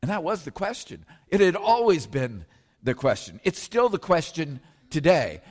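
A man preaching a sermon as pastor, slowing down and lifting his voice when he quotes scripture. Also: fairly high pitch, big pitch swings. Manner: emphatic preaching, slows and rises on scripture. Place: church sanctuary. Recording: long reverb of a church hall.

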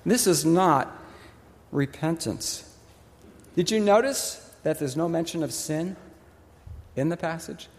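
A man preaching a sermon as pastor, expressive and emphatic, pausing on key words and acting out the voices he quotes. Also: a little high, long reverb tail.

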